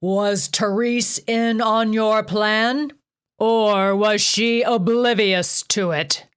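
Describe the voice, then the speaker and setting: A woman voicing a furious male king of the gods who bellows slowly and commandingly. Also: medium pitch, steady tone, clean tone, pitched above the performer's own voice.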